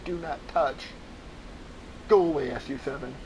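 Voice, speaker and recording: While playing a flight game on stream, a man casually recounts a long, profane tale in an animated, rambling manner. He talks a little slowly in a fairly high voice, and the rough recording has slight background noise.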